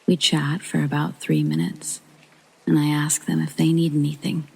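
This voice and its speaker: A channel host reading a true scary story aloud in a hushed sleep-story narration, often half-whispered, with a gravelly, husky voice. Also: medium pitch, flat delivery, moderate pace, poor audio.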